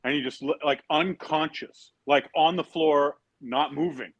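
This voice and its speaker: A man chatting as a podcast guest, telling dealer stories in a lively way and acting out the people he quotes. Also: on the high side, measured pace, no echo, muffled recording. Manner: animated, laughing, acts out quotes. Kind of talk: casual storytelling chat.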